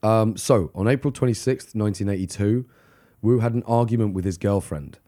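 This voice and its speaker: A man's voice: lowish voice, brisk, dark tone. A man co-hosting a casual true-crime podcast, joking and swearing as he tells the story. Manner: jokey, swears, breaks into laughter and mock voices. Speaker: podcast co-host.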